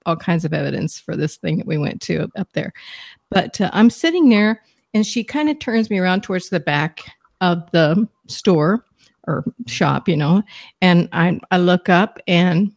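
A middle-aged woman, a guest psychic medium, telling a story in an animated, excitable, rambling way on a talk show. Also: lowish voice, gravelly, dry recording, clean studio sound.

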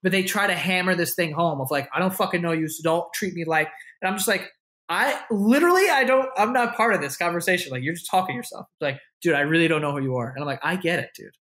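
A man's voice: fairly high pitch, fast talker, few pauses, pushed and bright. A young man, a podcast guest telling stories casually, swearing freely and acting out what other people said. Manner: swears freely, acts out quoted voices. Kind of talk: casual interview storytelling.

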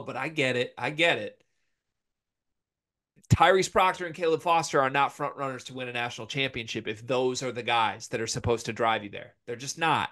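A young man co-hosting a casual sports talk show, animated and opinionated as he ranks players, with the hiccups. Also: on the high side. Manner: animated, opinionated, quick rankings. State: has the hiccups. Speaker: podcast co-host.

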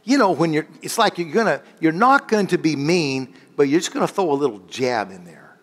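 Lively preacher man. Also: fairly high pitch, a little fast. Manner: animated, call-and-response with congregation; rambling, restarts and searches for words. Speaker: guest preacher. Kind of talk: sermon.

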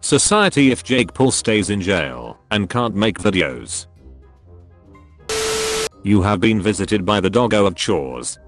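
Low, animated male voice-over reading meme captions briskly over clear music. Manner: brisk caption-by-caption reading, quick jumps between jokes. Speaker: meme compilation narrator.

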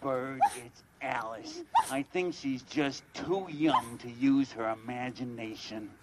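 An actor playing a huge, gentle, shaggy creature who talks slowly and softly. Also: male voice, medium pitch, steady tone, very noisy, close to an everyday voice. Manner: slow, drawling, sleepy and soft.

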